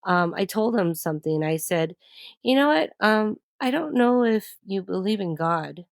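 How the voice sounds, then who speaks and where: Animated woman telling a personal story. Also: medium pitch, unhurried, gravelly, no room sound. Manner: animated, laughs often while telling. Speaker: interview guest.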